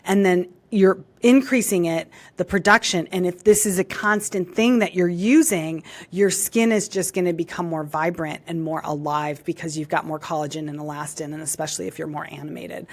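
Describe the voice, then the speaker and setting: A middle-aged woman talking as an interview guest, animated and expressive, acting out the reactions she quotes. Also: on the low side. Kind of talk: interview conversation.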